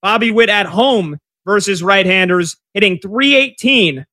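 A man's voice: high voice, unhurried, sharp tone, dry recording. A man hosting a sports radio show, chatty and rambling, with lots of fillers. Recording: dry studio sound.

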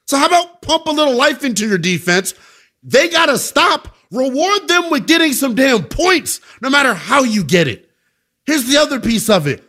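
A man hosting a sports radio show, talking with emphatic, opinionated passion that swings from loud to subdued. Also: extremely high pitch, big pitch swings, moderate pace.

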